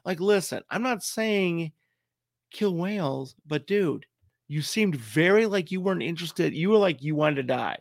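A man co-hosting a podcast, chatting casually about a movie, animated and laughing often. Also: on the high side, unhurried, vocal fry, no echo, studio quality. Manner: animated, laughs often, puts on silly voices. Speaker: podcast co-host.

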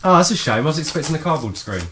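A man's voice: on the high side, expressive, rapid-fire, sharp tone, slight background noise. A man co-hosting a tabletop gaming podcast, chatting casually with enthusiasm and stumbling over his words. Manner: enthusiastic, stumbling, restarts a lot. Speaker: podcast co-host. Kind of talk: casual chat.

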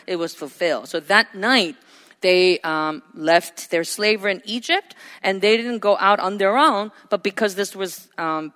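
A woman delivers a sermon in a bright, forward voice, chatty and lively, jumping into playful impressions of the people she quotes. Her voice rings out with a long hall reverb behind it. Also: lowish voice. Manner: conversational, acts out quoted lines with laughs. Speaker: preacher.

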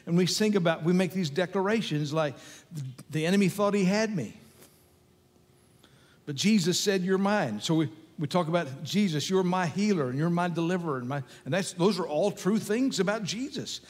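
A pastor delivering a sermon in a slightly high voice. He preaches emphatically, repeating phrases as his intensity builds. The sound carries a long reverb, as in a church sanctuary. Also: normal speed.

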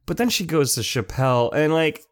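A man's voice: fairly high pitch, expressive, fairly quick. A man co-hosting a casual podcast, joking and swearing freely as he recaps a show. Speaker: podcast co-host. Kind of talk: casual chat.

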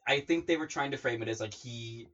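A podcast co-host chatting casually and acting out characters' lines in an animated way. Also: medium pitch, fairly quick. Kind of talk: casual chat recapping a drama. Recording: dull lo-fi podcast recording.

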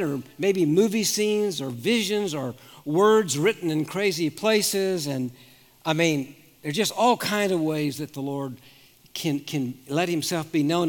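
A man in his seventies, a pastor telling personal stories in an earnest sermon, often restarting his sentences. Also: on the high side. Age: 70s. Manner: earnest storytelling with frequent restarts. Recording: long reverb of a large hall.

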